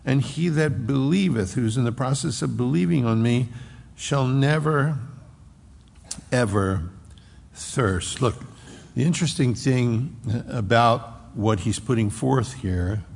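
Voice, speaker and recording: A man with a gravelly, fry-edged voice preaches a sermon, pressing his points hard and then dropping to a hushed tone. He unpacks scripture with everyday asides. His voice carries a long reverb from a large sanctuary. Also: medium pitch, measured pace. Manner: emphatic preaching, swings from raised to hushed delivery; explains scripture with homely asides. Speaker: pastor. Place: church sanctuary.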